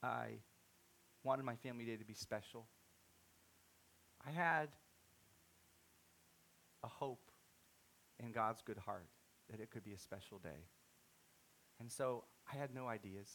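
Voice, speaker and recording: A man in his thirties preaching a sermon, telling a story and swinging from soft-spoken to loud, excited outbursts. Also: medium pitch, a little slow, gravelly, long pauses, a little hiss or hum. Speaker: pastor.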